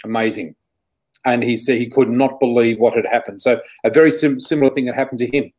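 A middle-aged man with an Australian accent speaks as an interview guest, sitting at a typical middle pitch for a man. He tells his stories in an animated, rambling way, restarting sentences as he goes. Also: fairly quick, poor audio. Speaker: guest psychic. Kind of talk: storytelling in an interview.

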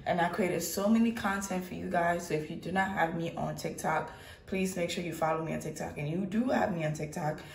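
A woman's voice: lowish voice, steady tone, fairly quick, gravelly. A young woman vlogging on her phone, chatty, blunt and candid, with lots of slang. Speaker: travel vlogger. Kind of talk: casual vlog talk to camera. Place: hotel room.

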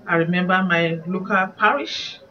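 A woman's voice: on the low side, moderate pace, bright, forceful tone. A woman evangelist with a Nigerian accent, giving an earnest, reflective devotional sermon. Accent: Nigerian English. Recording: muffled distant recording, faint background noise.

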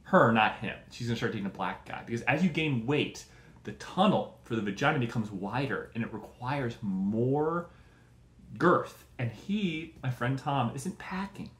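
Male comedy host, lively swooping delivery, profane mocking rant, roomy echo. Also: mid-range voice, moderate pace. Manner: profane, rambling, mocking, acts out quoted voices.

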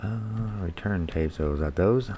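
A man's voice: low voice, normal speed, mellow, a little hiss or hum. A young man giving let's-play commentary, reading game lines aloud, swearing casually and laughing often. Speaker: gaming channel host.

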